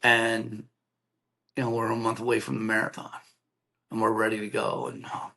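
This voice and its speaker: Gravelly and sharp, a middle-aged man's lowish voice stays completely flat at a normal speed. He's a podcast guest telling an emotional personal story in an earnest, plainspoken manner, giving voice to the people in it.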